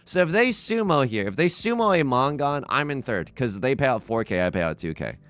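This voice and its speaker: A man's voice: mid-range voice, big pitch swings, a little fast, fairly bright tone, clean tone. A young man casually commenting on his own game play, rambling and self-mocking with frequent restarts. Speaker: let's play host.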